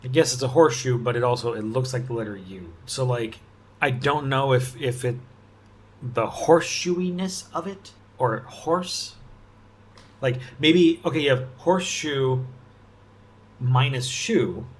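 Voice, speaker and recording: Slow, musing man thinking aloud. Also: mid-range voice, slightly rough. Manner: musing, halting, with frequent restarts and soft laughs. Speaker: puzzle-solving video host. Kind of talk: thinking aloud while solving a puzzle.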